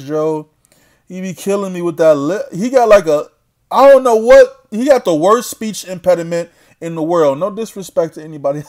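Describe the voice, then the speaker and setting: Talking casually to the camera, a boxing commentator rants in a voice a bit high for a man, with a darkish tone. He's blunt, trash-talks, and laughs often.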